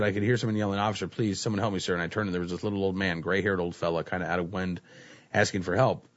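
A man hosting a casual talk show. He reads news stories aloud and uses many fillers like "uh, you know.". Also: low voice. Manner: relaxed, filler-heavy, says "uh, you know" often. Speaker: host. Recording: dull lo-fi recording.

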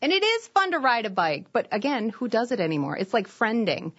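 A woman's voice: fairly high pitch, brisk, husky. Playful woman with a Wisconsin accent. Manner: playful, animated, laughs often. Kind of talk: casual chat. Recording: dull, muffled audio.

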